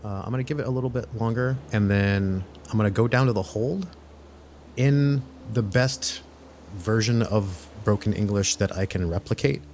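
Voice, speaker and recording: A man playing a tabletop horror game, deliberately talking through his character's plans out loud. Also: fairly low pitch, slight background noise. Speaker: player.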